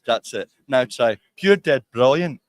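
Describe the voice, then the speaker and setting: Glaswegian man, patient explainer, mid pitch, dry recording. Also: animated, unhurried, no echo. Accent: Scottish (Glasgow). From Glasgow, Scotland. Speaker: conference guest discussing accents. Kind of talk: casual livestream interview.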